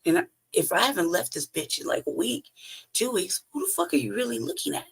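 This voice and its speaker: A man's voice: extremely high pitch, sing-song, a little fast, gravelly, a bit bright, breathy edge. A man hosting a podcast, telling stories in a blunt, profane, casual way and laughing often between phrases. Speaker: podcast host. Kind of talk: casual storytelling monologue.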